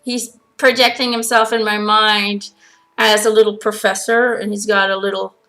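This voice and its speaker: A woman's voice: medium pitch, little pitch movement, normal speed, sharp tone, rough recording. A woman medium answering follower questions in a chatty, giggly way, relaying a spirit's words. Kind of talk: casual channeled Q&A monologue.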